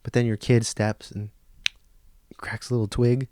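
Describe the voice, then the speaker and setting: A man's voice: lowish voice, level tone, measured pace, mellow, no room sound. Profane man ranting on a podcast. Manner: profane, ranting, mock nature-documentary whispers. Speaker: podcast host. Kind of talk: comedic monologue.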